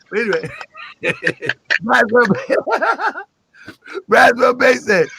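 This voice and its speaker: Animated, gravelly high-voiced storytelling man. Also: measured pace. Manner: lively, jokey, acts out quoted voices, laughs often.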